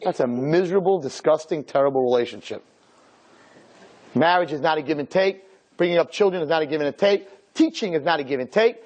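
A man who is a rabbi, giving a lively Torah lecture to a group, acting out little dialogues and firing off rhetorical questions. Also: fairly high pitch, fairly quick.

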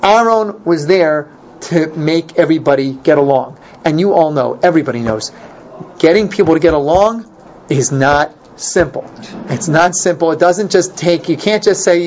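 A man teaching an informal Torah class, animated and repeating his points for emphasis. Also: fairly high pitch, moderate pace. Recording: dull lo-fi recording, faint noise.

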